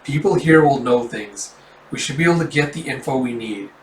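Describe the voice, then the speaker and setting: A cool male bodyguard , as a man reads him, speaks calmly and plainly. The recording is roomy with the mic some way off. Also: mid-range voice, fairly quick, close to an everyday voice. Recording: roomy, distant mic, faint background noise.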